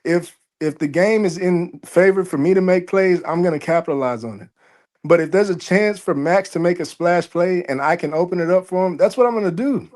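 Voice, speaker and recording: A man's voice: high voice, a little fast, a little mellow. Confident male athlete guest. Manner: confident, self-assured. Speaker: pro football player, interview guest. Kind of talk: casual interview chat.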